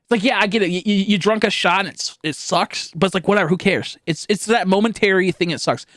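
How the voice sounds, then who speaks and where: A man's voice: high-pitched, fast, a bit bright, dry recording, clean studio sound. Rambling, cursing young streamer guy. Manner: rambling, profane, lots of "like" and restarts. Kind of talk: casual live-stream chat.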